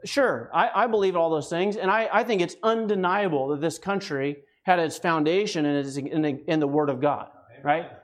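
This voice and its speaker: At a moderate pace and fairly high pitch, a U.S. man delivers a sermon as a guest preacher in a conversational way. He keeps asking the congregation "right?", checking in with them frequently, and sounds a little winded.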